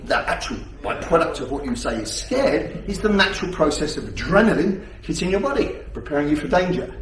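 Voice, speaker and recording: A man's voice: a little high, very animated, fairly quick, fairly bright tone. A man teaching a self-defence class, blunt and full of swearing, firing rhetorical questions at his students. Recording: echoey hall, distant mic.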